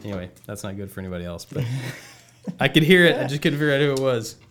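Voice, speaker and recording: A man's voice: medium pitch, lively intonation, rapid-fire, a bit bright. A man co-hosting a casual podcast chat, laughing easily. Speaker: podcast co-host.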